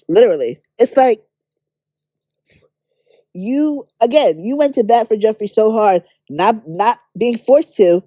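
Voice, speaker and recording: A woman's voice: fairly high pitch, expressive, measured pace, warm tone, no echo. A woman giving her candid, blunt opinions in a casual commentary vlog, swearing freely. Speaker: beauty drama commentator.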